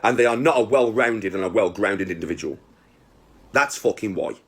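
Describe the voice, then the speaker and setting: A man's voice: fairly low pitch, normal speed, fairly bright tone. A man in his forties, telling a story to his viewers in a boastful, swearing, chatty way. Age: 40s. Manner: boastful, swears a lot, keeps checking in with viewers. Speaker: content creator. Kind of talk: casual storytelling to camera.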